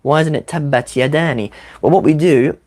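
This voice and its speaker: Man, croaky voice from a cold, chatty and upbeat, live-streamed lesson, desk mic. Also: on the high side, a little mellow. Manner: chatty, upbeat, quick asides. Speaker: Arabic teacher. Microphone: desk microphone.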